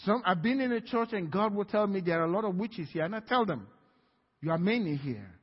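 Male preacher, storytelling sermon delivery with quiet-to-loud swings, husky tone, dull lo-fi sound. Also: sits high, fast talker. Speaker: guest preacher. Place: church sanctuary. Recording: dull, reverberant church hall.

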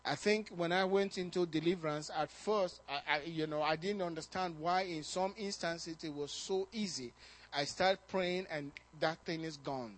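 A man pastor preaching a sermon, telling personal stories in an animated way, often repeating words and rising in excitement. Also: fairly high pitch, moderate pace.

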